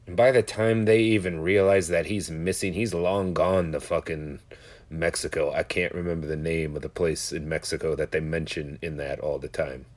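A man's voice: extremely low pitch, steady tone, normal speed. A man talking in a casual, profane, rambling monologue, telling stories and musing loosely. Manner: profane, storytelling, loose and conversational.

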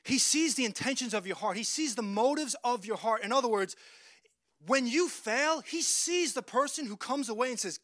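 High-voiced earnest male preacher. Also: expressive, moderate pace, a bit bright, no echo, clean studio sound. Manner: earnest, emphatic, repeats words and restarts phrases. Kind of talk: sermon.

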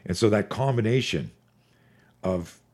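A man in his forties, a fear management expert on a podcast, talking in an energetic, profane, storytelling way. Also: on the low side, unhurried. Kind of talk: podcast conversation.

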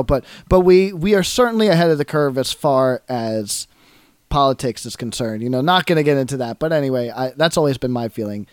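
A man's voice: mid-range voice, a little mellow, dry recording, clean studio sound. A man co-hosting a podcast in casual chat, rambling and thinking aloud with many fillers. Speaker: podcast co-host.

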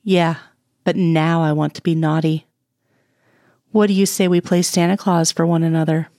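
A lovestruck adult man agent, flustered and earnest, halting over his words, as a woman reads him in an audio story. The voice stays fairly low and close and dry. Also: flat delivery, warm tone, no room sound.

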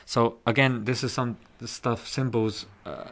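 A man's voice: medium pitch, unhurried, slight background noise. Emphatic man who keeps saying bro. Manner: animated and emphatic, often says "bro". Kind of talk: casual discussion.

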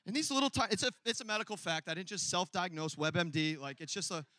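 A male pastor preaching a sermon, telling a personal story and building from quiet asides to loud, emphatic peaks. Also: sits high, quick pace, dry recording.

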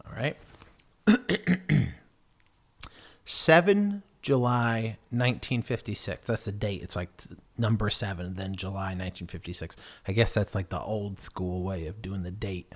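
Rambling, low-voiced man podcasting. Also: measured pace. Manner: hesitant, full of fillers and restarts, swears freely. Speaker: podcast host. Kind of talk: casual rambling monologue.

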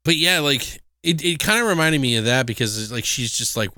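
A man's voice: mid-range voice, lively intonation, a little fast, pushed and bright, no echo. A man co-hosting a film review podcast, recapping plots in a rambling, profane, casual way. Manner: rambling, profane, acts out quotes in voices. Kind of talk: casual chat.

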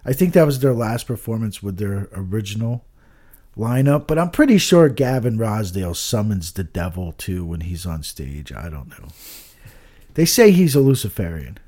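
A man's voice: lowish voice, big pitch swings, normal speed, mellow. A man chatting casually on a podcast, rambling, swearing often and trailing off with "I don't know.". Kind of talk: casual chat.

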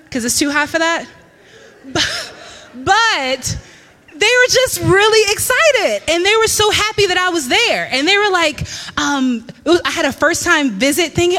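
A woman in her thirties telling a lively personal story to a church congregation, laughing often and acting out what people said. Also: sits high, a little fast, big-room sound. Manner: animated storyteller, laughs often, acts out quotes. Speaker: church speaker. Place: church hall.

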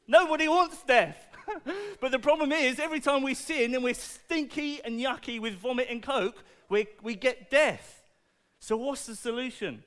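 A high-pitched man with a smooth, clear voice preaches to a young audience. He is animated and playful, firing questions at the listeners and sounding upbeat. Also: normal speed. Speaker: preacher at a children's church talk. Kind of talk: lively sermon to children with object lessons.

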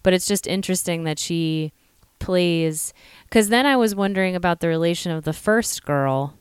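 A woman's voice: lowish voice, clear, resonant tone, no room sound, studio quality. A woman co-hosting a podcast, discussing a film in a chatty way full of "like". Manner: chatty, lots of "like", quick laughs. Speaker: podcast co-host.

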